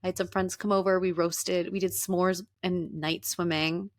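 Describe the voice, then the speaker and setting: A young woman hosting a podcast, telling a story in a casual, animated way and acting out the people she quotes. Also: fairly low pitch, moderate pace. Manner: animated, laughing, often acts out quoted people. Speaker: podcast host. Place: Los Angeles.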